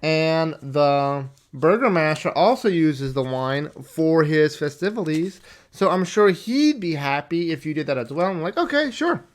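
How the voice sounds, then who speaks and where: A man recounting his tabletop game session as game master, rambling and swearing freely as he quickly acts out his players and characters. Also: on the high side, lively intonation. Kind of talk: casual storytelling recap.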